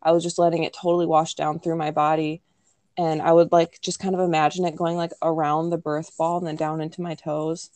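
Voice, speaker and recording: Low-voiced young woman chatting. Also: flat delivery, fairly quick, darkish tone, dry recording. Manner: chatty, many "like" and "um" fillers, acts out quoted lines. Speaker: podcast co-host telling her birth story. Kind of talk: casual conversational storytelling.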